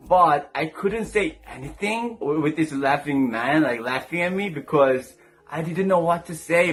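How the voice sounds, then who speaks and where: A young South Korean vlogger speaks English with a Korean accent, laughing as he tells funny stories in a storytime video and acts out the people involved. His voice is a little high and a bit bright, and he speaks a little slowly.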